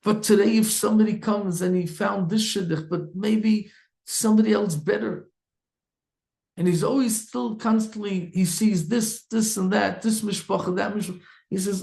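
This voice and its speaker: A man's voice: high-pitched, moderate pace, gravelly. A man, a rabbi, telling a story in a sermon and acting out its characters with many restarts. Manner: animated storyteller, acts out characters, frequent restarts. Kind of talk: Torah talk, storytelling sermon.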